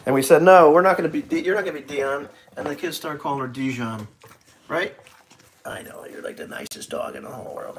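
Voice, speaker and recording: A man's voice: mid-range voice, vocal fry, a little hiss or hum. A man chatting casually on a live stream, rambling and self-deprecating, talking straight to his viewers from a friend's house. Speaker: YouTuber doing a live stream.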